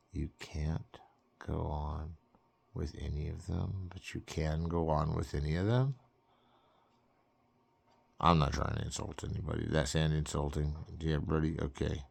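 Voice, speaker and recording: A man's voice: rumbling low, fairly even intonation, unhurried, vocal fry, long pauses. A man hosting a loose, jokey cartoon critique, rambling through improvised commentary and slipping into mock-grand phrasing. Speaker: comedic film critic host.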